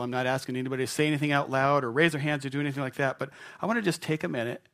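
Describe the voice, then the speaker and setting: Gravelly-voiced man preaching a sermon. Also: medium pitch, a bit bright. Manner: conversational and playful, acting out doubting voices. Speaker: pastor. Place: church sanctuary.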